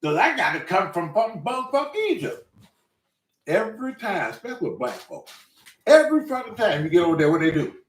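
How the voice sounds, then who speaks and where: Profane, animated man ranting in a roomy space. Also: sits high, a little fast, far from the mic. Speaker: show host. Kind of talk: casual storytelling monologue. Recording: roomy, away from the mic.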